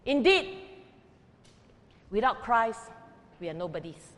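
A woman's voice: a little high, very animated, takes it slowly, in a large hall. Emphatic woman pastor preaching. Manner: emphatic, with big swings in loudness. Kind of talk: sermon.

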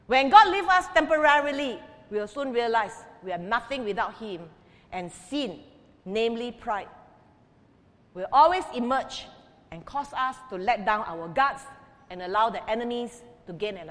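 A woman pastor preaching an emphatic sermon, swinging between loud declarations and quiet asides. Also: on the high side, in a large hall. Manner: emphatic, with big swings in loudness.

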